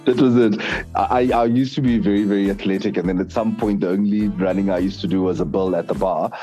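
A man hosting a casual interview, telling stories in an animated, rambling way. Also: fairly low pitch, fast, soft background music. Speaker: host.

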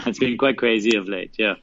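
A man calling in as a guest, telling a casual, animated story. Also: lowish voice, unhurried. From South Africa. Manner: animated, laughing anecdotes with acted-out quotes. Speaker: phone-in guest. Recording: dull phone line.

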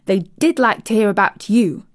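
A woman's voice: medium pitch, normal speed, no room sound, studio quality, lightly acted. A woman voicing a cheerful, chatty young maid with a broad Yorkshire accent. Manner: broad dialect, eager.

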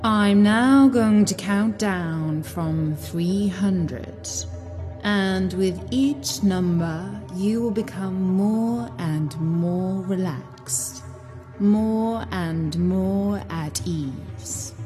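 A woman voicing a calm male self-help guru who talks in a slow, soothing, hypnotic way. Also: medium pitch, soft background music.

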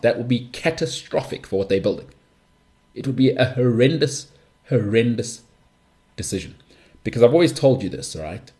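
A man's voice: lowish voice, a little mellow. A young man hosting a solo podcast, talking in a chatty, jokey way and jumping between asides. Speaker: podcast host.

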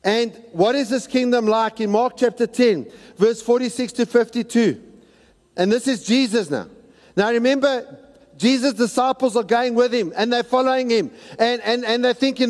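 A man with a very high voice preaching a sermon, and his words ring through a big hall with a long echo. He is animated and sometimes breaks into shouts as he acts out the people in his story. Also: moderate pace. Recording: long reverb of a large hall.

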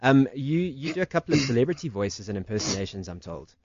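A man's voice: mid-range voice, sing-song, fast talker, darkish tone, no echo, dull audio. A man hosting a radio show, teasing and interviewing his guest in a playful, casual way. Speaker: radio host. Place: radio studio. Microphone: studio microphone.

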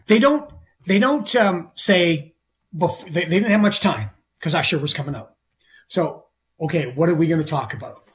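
Casting: middle-aged male sports radio co-host, emphatic ranter, a touch higher-pitched voice. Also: animated, moderate pace. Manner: emphatic, ranting, repeats himself. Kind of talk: opinionated sports talk.

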